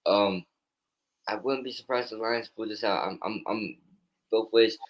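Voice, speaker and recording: A man with a fairly low voice co-hosts a loose football picks chat. He is blunt and excitable, and he trash-talks players as he goes. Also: moderate pace, low-quality recording. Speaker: co-host. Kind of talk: casual sports picks chat.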